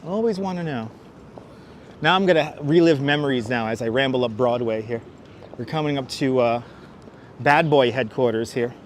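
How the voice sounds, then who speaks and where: A man's voice: medium pitch, normal speed, pauses often, slight background noise. A man with a Brooklyn accent hosting a live walking tour outdoors on a clip-on mic, rambling chattily and answering viewers' questions as he goes. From Brooklyn, New York. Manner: chatty, rambling, answers chat questions aloud, jokey asides. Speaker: livestream walking tour host. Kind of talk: casual live street-tour narration. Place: outdoors on busy city streets. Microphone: wireless clip-on mic, phone on gimbal.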